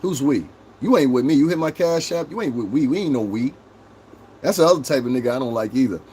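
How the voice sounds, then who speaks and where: Brief: young man, livestream host, combative profane rant, mid pitch, faint noise behind. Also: expressive, fast, darkish tone. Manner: profane, combative, mocks chat commenters in high mimicking voices.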